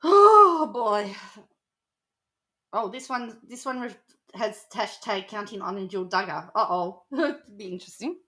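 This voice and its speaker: A woman's voice: mid-range voice, lively intonation, a little slow, sharp tone. A woman host reacting to clips in casual chat, laughing often.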